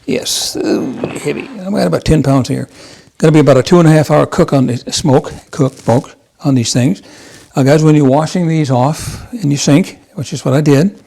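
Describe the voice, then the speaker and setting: Brief: male cooking host in his home kitchen, gravelly and mellow, loose rambling delivery full of "guys" and asides. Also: fairly high pitch, moderate pace. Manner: chatty, rambling, addresses viewers as guys, self-deprecating asides. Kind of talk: casual cooking demonstration.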